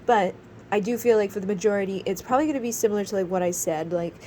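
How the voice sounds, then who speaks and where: A woman's voice: mid-range voice, racing, dark tone, poor audio. Woman tarot reader, casual and rambling, thirties, faint hiss behind. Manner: rambling, many fillers.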